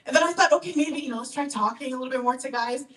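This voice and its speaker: Young female stand-up comic, high voice, brash crowd work, a bit distant from the mic. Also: very fast, a bit bright. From Canada. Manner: brash, teasing crowd work, lots of "okay?". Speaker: stand-up comedian. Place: comedy club stage.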